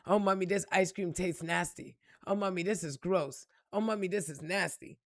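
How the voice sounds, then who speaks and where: A woman's voice: lowish voice, normal speed, no room sound, studio quality, lightly acted. A woman voicing a whiny young child who complains over and over about ice cream. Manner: whining, repetitive complaints.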